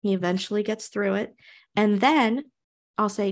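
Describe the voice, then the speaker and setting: A woman hosting a podcast interview, speaking in a calm, reflective way and repeating phrases for emphasis. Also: mid-range voice, normal speed. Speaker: podcast host.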